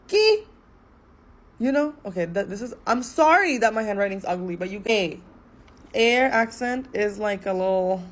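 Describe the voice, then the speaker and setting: Young woman, casual teaching, joking, mid-range voice. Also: medium pitch. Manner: playful, swearing, switching between English and Bangla. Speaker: language teacher. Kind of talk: casual online lesson. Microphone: phone camera.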